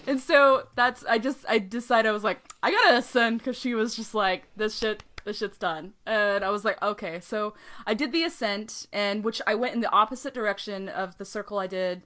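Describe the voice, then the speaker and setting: A woman co-hosting a podcast in casual chat, telling a story with lively quoted voices, frequent laughter and swearing. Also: medium pitch, moderate pace. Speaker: podcast co-host.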